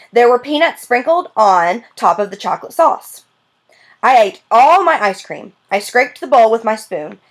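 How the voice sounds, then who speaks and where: A woman reads a novel aloud in the first person, with an earnest, plain delivery. Her pitch is mid-range but moves a lot. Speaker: audiobook narrator. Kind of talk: storybook narration.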